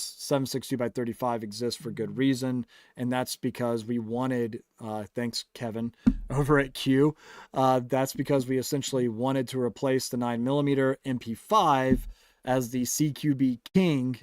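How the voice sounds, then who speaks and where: A man's voice: mid-range voice, dry recording, studio quality. A man hosting a casual livestream, chatting, joking and reading out viewer comments. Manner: relaxed, joking, sarcastic asides. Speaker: livestream host.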